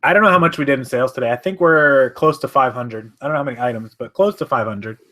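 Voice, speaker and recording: Speaking quickly in a mid-range voice with a sharp edge, this man runs a laid-back live stream from his home office. His talk is loose and rambling as he responds to viewer comments and keeps correcting himself.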